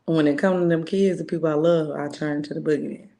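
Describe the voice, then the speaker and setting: A woman giving a casual spiritual pep talk as a reader, frank and a bit profane, slowing right down to stress key words. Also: low-pitched, steady tone, gravelly, mellow. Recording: echoey room.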